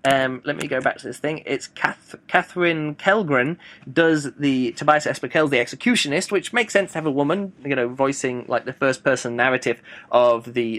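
A man's voice: a little high, fairly bright tone. A man giving a casual audiobook review, rambling and thinking aloud as he goes. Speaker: book reviewer.

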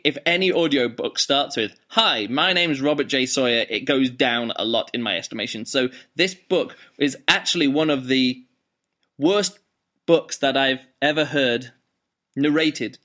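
A man hosting a casual book podcast, talking in a rambling, animated way into a laptop microphone. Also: medium pitch, moderate pace. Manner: rambling, animated, lots of fillers and restarts. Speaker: podcast host.

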